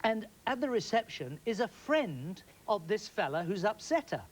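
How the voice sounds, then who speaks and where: A middle-aged man telling animated, laughing anecdotes as a guest in an interview. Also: sits high, moderate pace, rough recording. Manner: animated, laughing often, acts out scenes. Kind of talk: anecdotal storytelling.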